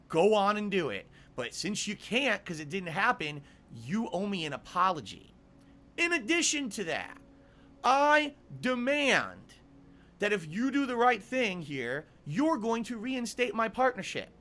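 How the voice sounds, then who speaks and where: A man's voice: high-pitched, pushed and bright. A middle-aged male streamer ranting angrily to his viewers, swearing and repeating his demands. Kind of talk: angry rant to camera.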